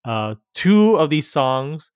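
A man's voice: a little high, very animated, takes it slowly, clean tone, dry recording, studio quality. A man co-hosting a podcast in casual chat, meandering through his points and laughing easily as he explains. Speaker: podcast co-host.

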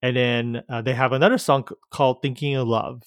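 A man's voice: mid-range voice, fairly even intonation, a little fast, dry recording. Man chatting casually, dry sound. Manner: meandering, laughs easily while explaining. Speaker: podcast co-host. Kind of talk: casual podcast chat.

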